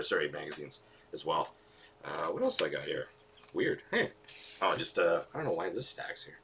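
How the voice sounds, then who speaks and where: A low-pitched man with a husky yet bright, forward voice chats about his collection. He rambles eagerly, full of fillers and restarts. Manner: enthusiastic, rambling, many fillers. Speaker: collector vlogger. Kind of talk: casual chat.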